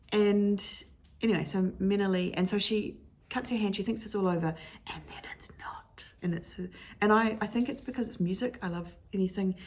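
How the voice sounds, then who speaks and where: Rambling woman with a gravelly, husky voice. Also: on the low side, a little mellow. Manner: rambling, digressive, often restarts and corrects herself. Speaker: vlogger talking about favorite books. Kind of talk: casual chat. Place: at home at her computer with her dog.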